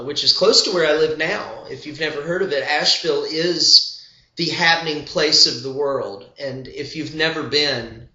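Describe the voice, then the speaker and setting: An older man spins a meandering, humorous yarn, his voice pitched high and bright. He keeps drifting into side stories before finding his way back. The recording has a roomy echo and sounds a little dull. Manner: meandering, full of digressions and asides. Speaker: storyteller and old-time fiddler. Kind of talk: rambling humorous storytelling. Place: at home.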